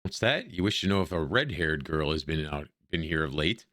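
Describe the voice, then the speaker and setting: A man's voice: extremely low pitch, animated, fairly quick, a bit bright, dry recording, clean studio sound, pitched below the performer's own voice. A man voicing a busy, long-winded male chef in a role-playing game, reading his stiff, formal lines aloud.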